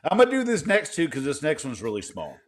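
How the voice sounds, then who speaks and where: A man's voice: fairly high pitch, huge pitch swings, fast. A man co-hosting a casual podcast, telling and reading pest control stories in a plain, profane way. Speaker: podcast co-host.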